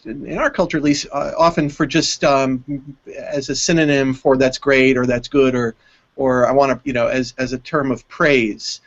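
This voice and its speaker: A man's voice: mid-range voice, steady tone, a bit bright. Hesitant American man co-hosting an English lesson. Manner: thoughtful, halting, many restarts. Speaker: co-host, English teacher. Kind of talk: online English lesson hangout. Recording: dull web call audio.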